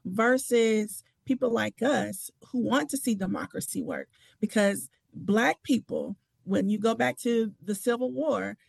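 Gravelly-voiced impassioned woman senator. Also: medium pitch, no echo. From Tennessee. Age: adult with children. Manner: impassioned, emphatic, restarts often. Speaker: state senator. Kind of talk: political interview talk.

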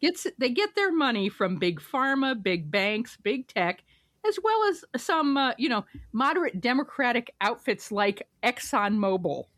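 A woman co-hosts a political podcast in a wry, amused tone and laughs often. Her pitch sits fairly high and moves around a lot. The sound is dry and close. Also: sing-song, measured pace, fairly bright tone, no echo. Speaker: podcast co-host. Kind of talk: casual political chat.

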